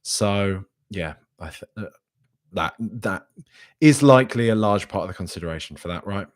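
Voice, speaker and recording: A man's voice: fairly low pitch, lively intonation, moderate pace. A man hosting a live podcast, reacting casually and reading out chat messages, with lots of ums and restarts. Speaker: podcast host.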